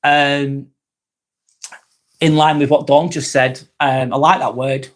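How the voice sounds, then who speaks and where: A man's voice: mid-range voice, fairly even intonation, moderate pace. A man hosting a live vlog, talking casually and frankly, swearing often and rambling through restarts as he reads out and answers chat comments.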